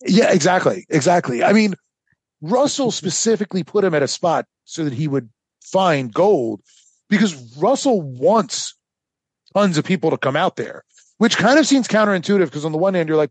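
Male podcast co-host, animated storyteller, husky and expressive. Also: sits high, normal speed, dry recording. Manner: animated storytelling with many fillers. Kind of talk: casual history podcast chat.

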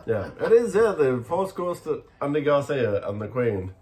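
A man co-hosts a podcast in casual conversation, tossing out deadpan jokes and plenty of swearing. Faint music runs underneath. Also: mid-range voice, measured pace. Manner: joking, profane, deadpan asides. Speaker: podcast co-host. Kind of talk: casual chat.

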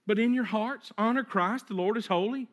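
A man preaching a sermon, dropping to a hush and then building to emphatic, rhythmic repeated phrases. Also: sits high, moderate pace. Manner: swings between hushed and emphatic preaching; repetitive, rhythmic lists of phrases. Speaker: pastor.

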